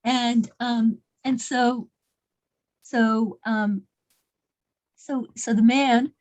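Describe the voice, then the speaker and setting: High-voiced woman telling a story, halting. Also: fairly even intonation, darkish tone, poor audio. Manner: halting, repeats words and restarts often. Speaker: class leader telling a story. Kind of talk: casual storytelling to a small group.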